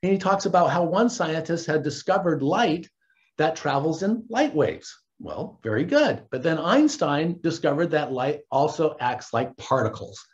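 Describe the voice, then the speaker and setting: A man hosting a casual recap, animated and quick to laugh as he retells the story. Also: a little high. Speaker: host. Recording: dull lo-fi recording.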